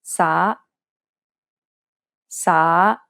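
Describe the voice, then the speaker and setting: A woman modeling single syllables for learners, speaking deliberately. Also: on the low side, creaky, a bit bright, no room sound. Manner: deliberate, measured. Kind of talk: slow drilled syllables.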